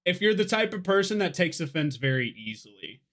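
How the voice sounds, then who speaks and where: A man's voice: high voice, sing-song, a little fast, fairly bright tone. A young man co-hosting a casual drinking podcast, tipsy, rambling and profane, laughing often. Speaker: podcast co-host.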